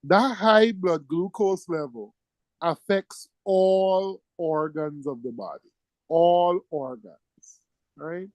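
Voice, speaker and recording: A middle-aged man gives an exam-prep medical lecture in a high-pitched voice at a slow pace, on a dry recording with poor audio. He's emphatic, repeats key words, and keeps checking in with "right?".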